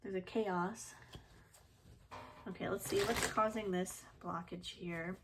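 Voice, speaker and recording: A woman's voice: medium pitch, takes it slowly, background noise. A woman giving a casual, chatty tarot reading to her viewers, with loose fillers and a slightly itchy throat. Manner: chatty, relaxed, many fillers and soft laughs. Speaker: tarot reader.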